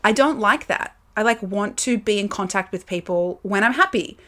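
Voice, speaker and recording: A woman's voice: medium pitch, normal speed, bright, forceful tone. Candid chatty Australian woman podcasting. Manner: candid, chatty, lots of fillers, swearing. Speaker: podcast host. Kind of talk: casual solo podcast chat. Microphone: camera with built-in mic.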